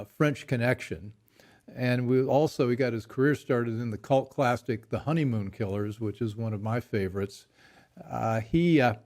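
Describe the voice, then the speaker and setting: A man hosting an interview show, introducing his guest in a measured, admiring way. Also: medium pitch, darkish tone. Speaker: host.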